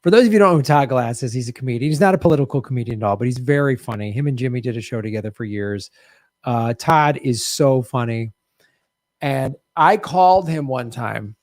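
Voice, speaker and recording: Podcast host, man, animated storyteller, medium pitch, dry studio sound. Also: brisk, dry recording. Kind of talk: casual chat, reading viewer comments.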